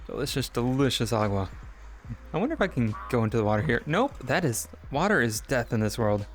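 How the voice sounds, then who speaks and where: A man chatting casually on a live stream while he plays a game, playful and excitable, with frequent giggles and sudden leaps up in pitch. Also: fairly quick, faint music behind.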